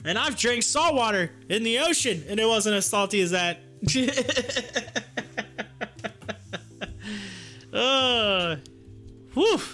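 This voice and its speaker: A man's voice: high voice, animated, a little slow, sharp tone, soft background music. A man hosting a livestream, rambling through a funny personal story and laughing often. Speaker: livestream host. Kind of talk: casual storytelling.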